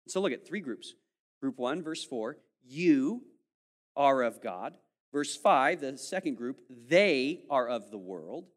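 A man preaching a sermon as pastor, animated, acting out the voices of his listeners and swinging between loud, pressing moments and hushed, slow ones. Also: mid-range voice, long reverb tail.

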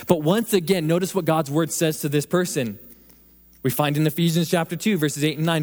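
A man preaching a sermon in an earnest voice, slowing and softening for emphasis. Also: a little high, steady tone. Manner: earnest, building then dropping to slow soft emphasis. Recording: long reverb of a hall.

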